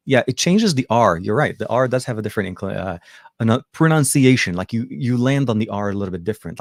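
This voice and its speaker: A man's voice: on the low side, brisk, no echo, studio quality. A man from Lebanon whose first language is Arabic, with an American accent and a faint Arabic trace, hosting a casual tech show chat full of fillers and restarts. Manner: rambling, filler-heavy, self-correcting.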